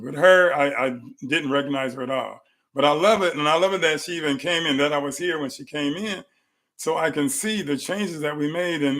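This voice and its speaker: A middle-aged man hosting a live health talk from his clinic room, telling animated stories and repeating phrases for emphasis. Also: fairly high pitch.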